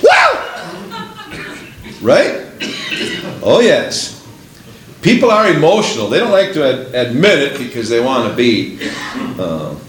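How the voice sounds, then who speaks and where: A man preaching a Pentecostal sermon who builds to excited exclamations and breaks into laughter. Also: on the high side, roomy sound, a little hiss or hum.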